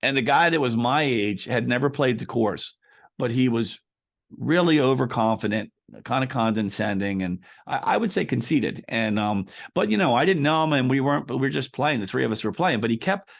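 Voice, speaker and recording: A man's voice: medium pitch, expressive, brisk, vocal fry. A man speaking as an author and coach in a conversational interview, explaining ideas through a long personal anecdote with frequent restarts.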